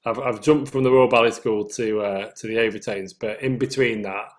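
A man's voice: on the low side, steady tone, moderate pace. A man with a Northern English accent, a singer telling anecdotes as an interview guest and laughing at his own stories. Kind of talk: casual anecdotal chat.

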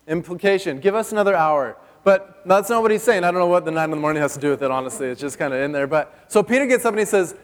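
High-voiced male pastor in a reverberant hall. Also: fast. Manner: conversational and joking, asks the audience questions. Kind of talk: sermon. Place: church hall. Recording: long reverb of a church hall.

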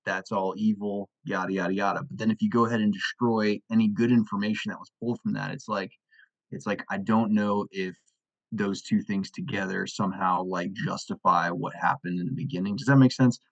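A man's voice: on the low side, fairly even intonation, brisk, dry recording, highs cut off. A man arguing a point on a podcast over a video call, laughing as he talks and hedging as he goes. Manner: laughs mid-sentence, hedges and restarts while arguing a point. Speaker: podcast panelist.

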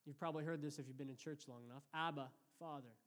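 A man in his thirties preaching a sermon, praying and telling stories earnestly, with lively acted-out quotes. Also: a little high, rapid-fire. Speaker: pastor. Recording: hall reverb.

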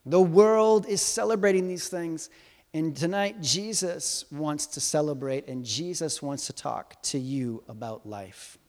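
A man preaching a sermon to a live congregation, animated and swinging from soft to loud, teasing and quizzing his listeners. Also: on the high side, measured pace. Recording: long hall reverb.

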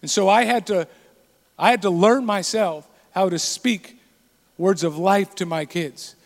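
A man's voice: high-pitched, unhurried. A man in his forties, a pastor preaching a sermon with earnest emphasis. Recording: long hall reverb.

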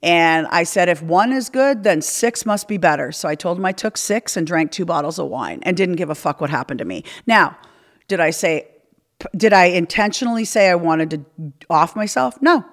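Woman, podcast host, blunt and swearing, animated candid storyteller. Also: fairly low pitch, moderate pace. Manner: rambling with restarts and quoted dialogue.

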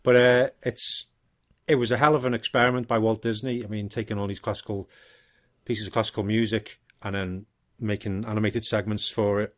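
A man co-hosting a casual film podcast, relaxed and rambling, thinking aloud with fillers. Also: on the low side, brisk, dry recording, clean studio sound. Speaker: podcast co-host.

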